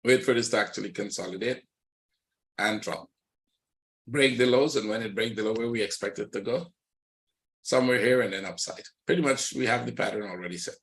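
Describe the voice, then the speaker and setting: A low-pitched man runs a live trading webinar. He moves briskly through the charts in a plain, matter-of-fact way, pointing out setups as he goes. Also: fairly bright tone. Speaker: trading instructor.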